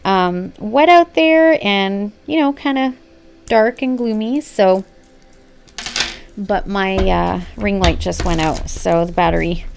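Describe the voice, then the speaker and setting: A woman's voice: medium pitch, slow pace, creaky, a little hiss or hum. A woman doing a casual spoken tarot reading at home, gushing and affirming as she talks straight to her viewers. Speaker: tarot reader. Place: home room at a reading table.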